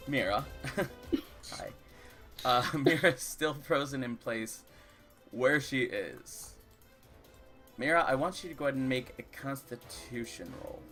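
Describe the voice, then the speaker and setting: A man narrating and running a tabletop fantasy game as dungeon master, relaxed and filling pauses with ums and uhs. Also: mid-range voice, soft background music.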